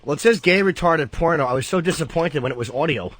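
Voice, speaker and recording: A man on a talk radio show, riffing crude jokes with quick comebacks. His voice sits high for a man. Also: lively intonation, a bit bright, slight background noise. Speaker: radio host.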